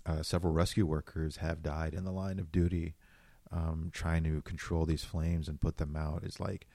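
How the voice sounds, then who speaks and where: Male co-host, low voice, thoughtful and sincere, dry close mic. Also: level tone, normal speed, gravelly, warm tone, no echo. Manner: earnest and reflective, often laughing. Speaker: podcast co-host. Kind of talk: casual chat.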